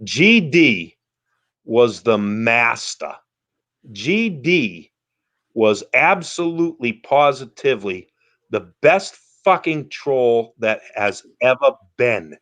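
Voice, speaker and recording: A man's voice: medium pitch, sing-song, slow pace, a bit bright. A man hosting a casual online panel, telling a story in an emphatic, profane way. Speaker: live streamer hosting a panel.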